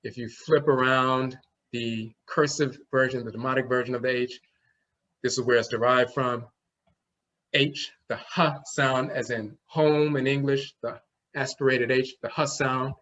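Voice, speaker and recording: Teaching an online class, a man walks through the material step by step, slowly, pronouncing letters aloud to demonstrate their sounds. His voice sits at a medium pitch with a steady tone, slightly bright, and the high frequencies are cut off.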